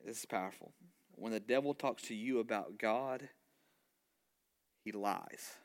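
A male pastor preaching a sermon in an animated way, often restarting phrases and asking his congregation questions. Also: fairly low pitch, unhurried. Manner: animated, with frequent restarts and repeated words; asks the congregation rhetorical questions and call-and-response.

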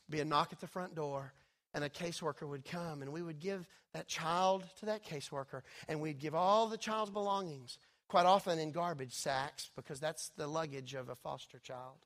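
A man preaching a sermon in a church, swelling loud and high, then dropping soft and intimate. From Texas. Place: church sanctuary.

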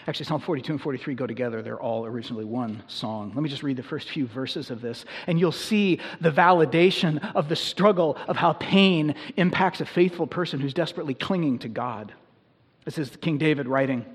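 A man's voice: mid-range voice, brisk, breathy edge. A man preaching a sermon to his congregation in a church, in an earnest, conversational manner that builds in intensity. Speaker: pastor. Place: church sanctuary.

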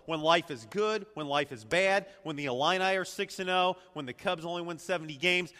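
Middle-aged male pastor, bright forceful preaching voice, slightly high, long church reverb. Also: moderate pace, hardly any pauses. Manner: energetic preaching, call-and-response with congregation. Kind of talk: sermon. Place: church sanctuary. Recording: echoey hall reverb.

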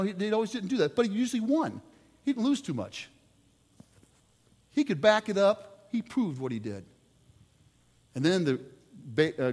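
A man preaching a sermon, telling sports stories with lively swings between loud outbursts and quiet asides. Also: fairly high pitch, long reverb tail.

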